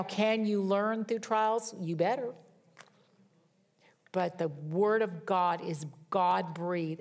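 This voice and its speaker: Middle-aged female preacher, earnest and emphatic, lowish voice, sermon delivery. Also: a little mellow. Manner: earnest, storytelling with emphatic repetition.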